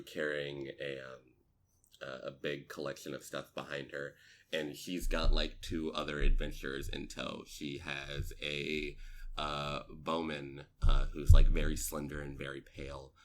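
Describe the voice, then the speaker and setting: A man's voice: rumbling low, slight background noise. A man narrating as game master of a tabletop role-playing game, rambling with many fillers.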